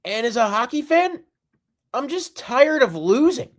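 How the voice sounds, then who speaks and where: A man's voice: very high voice, big pitch swings, measured pace. A man hosting a solo sports podcast, ranting in an exasperated, repetitive and emphatic way. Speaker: podcast host.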